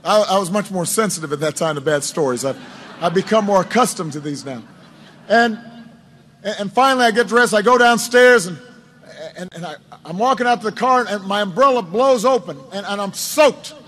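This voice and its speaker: High-pitched man telling a campaign story. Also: expressive, normal speed, fairly bright tone, slight background noise. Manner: storytelling with many self-repetitions and wry asides. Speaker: politician addressing supporters. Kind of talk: anecdotal campaign speech. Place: indoors at a campaign office.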